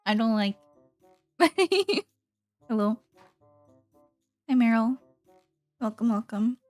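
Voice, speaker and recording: Giggly woman streamer, fairly high voice. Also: expressive, slow, no echo, faint music behind. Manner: giggly and playful, chatting with viewers. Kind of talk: casual livestream chat.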